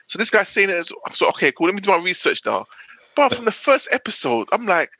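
Animated slangy man, heated. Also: high voice, quick pace, no room sound. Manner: animated, emphatic, repeats himself, slangy. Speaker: podcast co-host. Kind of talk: heated casual chat.

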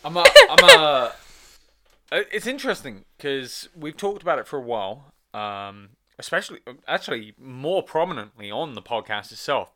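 A man's voice: medium pitch, normal speed. A man in a casual podcast chat, rambling through stories with plenty of fillers. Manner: rambling, lively storyteller with fillers. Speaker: podcast co-host.

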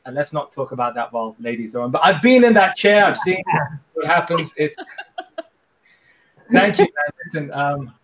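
A man guests on a podcast and keeps cracking jokes in an energetic, playful flow. His voice runs fairly high for a man. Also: moderate pace, pauses often, crowd noise. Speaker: coach and guest. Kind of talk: casual interview chat.

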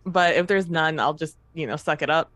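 A woman's voice: low-pitched, brisk, fairly bright tone, dry recording. Brash woman player in a tabletop game, cursing freely, dry close sound. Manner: brash, swears casually. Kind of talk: tabletop role-play chat.

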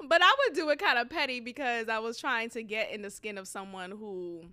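A woman's voice: medium pitch, a little fast, few pauses, sharp tone, clean tone. A young woman of Haitian background telling a story in a chatty, casual way, laughing often and swearing freely.

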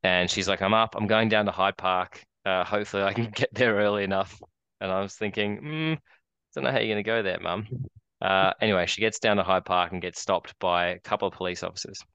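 Aussie podcast co-host, low monotone, smooth dry voice, rambling anecdote style. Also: male voice, fairly quick, dry recording, lo-fi sound. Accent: Australian. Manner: rambling storyteller, many restarts and fillers. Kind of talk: casual chat.

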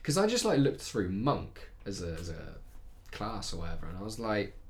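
A man co-hosting a podcast, chatting casually in an excitable, rambling way. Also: fairly low pitch, normal speed, slight background noise. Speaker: podcast co-host. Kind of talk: casual chat.

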